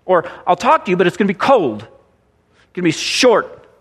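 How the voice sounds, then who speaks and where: Animated man preaching in a reverberant hall. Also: sits high, moderate pace, breathy edge. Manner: animated preaching with rhetorical questions and repetition. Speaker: pastor. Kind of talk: sermon.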